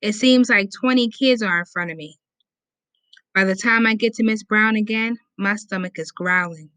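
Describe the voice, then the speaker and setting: A woman's voice: mid-range voice, normal speed, sharp tone, clear, resonant tone, dry recording. A woman reading a novel aloud in first person, with a casual, conversational storytelling manner. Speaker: audiobook reader. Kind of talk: first-person audiobook narration.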